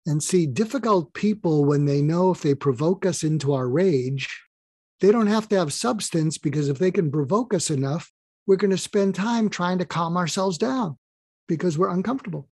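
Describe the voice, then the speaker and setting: Older guy on a podcast, bit high voice, mellow tone, dry close mic, acts out the quotes. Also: normal speed, husky, no echo. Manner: animated storyteller acting out quoted exchanges. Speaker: psychiatrist guest. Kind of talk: storytelling in a podcast interview.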